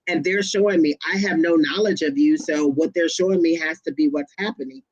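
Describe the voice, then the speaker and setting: A woman's voice: deep voice, brisk, a little mellow, slightly rough, no room sound, muffled recording. A woman co-hosting a tarot reading show, speaking bluntly and matter-of-factly. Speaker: tarot reader and co-host. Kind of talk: casual live-stream chat.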